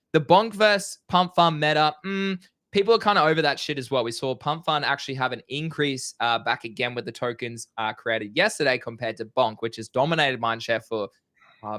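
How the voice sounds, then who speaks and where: A young man co-hosting a casual crypto trading live stream, energetic and slangy. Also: medium pitch, no room sound, clean studio sound. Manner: energetic, excitable, slangy, swears.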